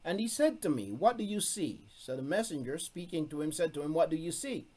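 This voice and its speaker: A man with a fairly high, expressive voice and a warm tone speaks a little fast as he teaches from scripture. He reads verses aloud and repeats his key points with emphasis for a congregation watching over a video call from a room.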